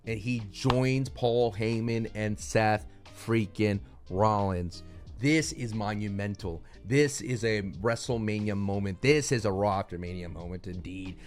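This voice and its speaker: Excitable man rambling through a wrestling recap. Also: on the low side, measured pace, faint music behind. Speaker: wrestling show reviewer. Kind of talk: casual recap commentary.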